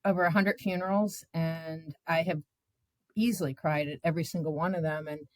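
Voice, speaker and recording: A woman in her fifties, a journalist guest, telling her own stories in a candid, animated way with many filler words. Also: sits low, a little fast, no echo. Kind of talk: candid conversational storytelling.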